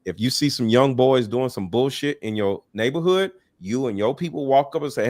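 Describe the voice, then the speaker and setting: A man's voice: mid-range voice, expressive, moderate pace, hardly any pauses, a little mellow. A man hosting a livestream, lecturing in a blunt, emphatic way with plenty of swearing. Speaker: livestream host. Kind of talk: casual livestream commentary.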